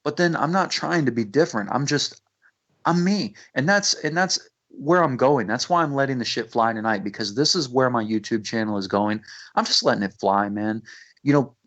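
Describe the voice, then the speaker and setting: A man who raps sits in as a radio guest for a casual interview, speaking intensely at a moderate pace in an animated, medium-pitched, slightly bright voice. Swearing freely, he restarts sentences, and the studio recording is muffled and lo-fi.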